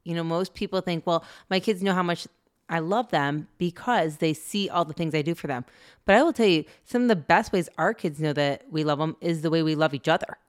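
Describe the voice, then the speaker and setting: A woman co-hosting a podcast, chatting casually and earnestly and laughing easily. Her voice sits a little low and sounds smooth and clear. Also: fairly quick. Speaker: podcast co-host. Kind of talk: casual chat.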